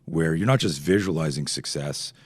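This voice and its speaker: A middle-aged man from Canada, a self-defense instructor telling stories as a podcast guest, animated and swearing freely while acting out quoted dialogue. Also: rumbling low, moderate pace, dry recording. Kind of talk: podcast interview storytelling.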